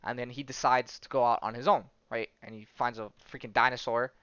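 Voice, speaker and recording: Chatty man hosting a podcast, smooth voice. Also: medium pitch, fairly even intonation, fairly quick, fairly bright tone, dry recording, muffled recording. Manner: loose and chatty, many fillers, tag questions and swearing. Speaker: podcast host. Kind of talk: casual podcast monologue retelling a comic story.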